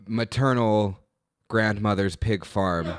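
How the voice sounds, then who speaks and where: A man narrating a role-play scene, halting with fillers. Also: on the low side, smooth.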